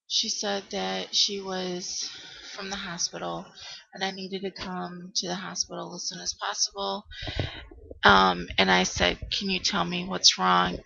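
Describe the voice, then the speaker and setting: Middle-aged woman, gravelly voice, bright tone, halting anxious storytelling, dull webcam audio. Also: fairly low pitch, slight background noise. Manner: halting, full of ums and restarts, anxious retelling. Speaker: vlogger telling a personal story. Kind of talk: emotional personal storytelling to camera.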